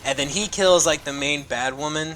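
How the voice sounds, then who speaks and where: A man's voice: a little high, moderate pace, a bit bright, a little hiss or hum. A young man casually reviewing a comic, rambling and swearing with enthusiasm.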